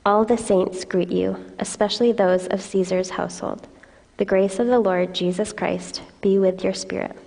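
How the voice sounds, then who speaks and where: A woman reading a scripture passage aloud in a church service, in a steady, measured way. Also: medium pitch, vocal fry. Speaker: scripture reader. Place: church hall. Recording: long reverb of a church hall.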